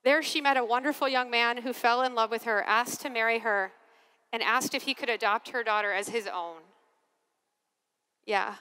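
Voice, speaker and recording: A religious sister giving a keynote to a large crowd in animated, expressive storytelling, acting out voices and laughing often. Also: female voice, on the high side, moderate pace, clean tone. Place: large convention arena. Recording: long reverb of a big arena.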